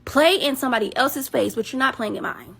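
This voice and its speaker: A woman's voice: sits high, fairly quick, creaky, a bit bright. A woman with ranting in a blunt, sarcastic, mocking monologue. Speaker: woman in a clip being reacted to. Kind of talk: ranting social media monologue.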